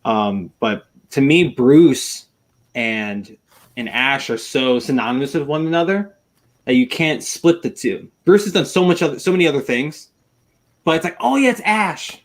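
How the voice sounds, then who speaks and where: A man's voice: medium pitch, normal speed. A man in a casual film podcast chat, talking enthusiastically and rambling, often repeating himself. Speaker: podcast panelist.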